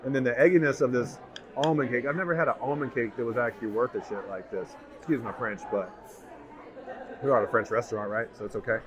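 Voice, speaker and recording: A man with a mid-range voice talks at a quick pace, vlogging a casual food review from a busy restaurant. Every bite gets an enthusiastic rave, and the crowd chatters in the background.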